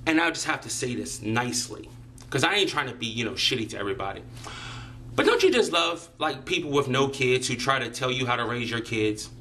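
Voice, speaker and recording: A man's voice: medium pitch, very animated, fairly quick, bright, forceful tone, slight background noise. A man delivering a profane, sarcastic comedic rant to camera, mocking people and sometimes putting on voices. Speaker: vlogger.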